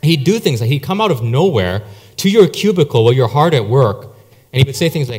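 A man's voice: medium pitch, sing-song, quick pace, darkish tone, husky. A man preaching a sermon, telling stories in a conversational way with many fillers. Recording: long hall reverb.

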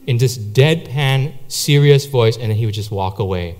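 A man's voice: mid-range voice, fairly quick, hardly any pauses, darkish tone. A man preaching a sermon, telling stories in a conversational way with many fillers. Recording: long hall reverb.

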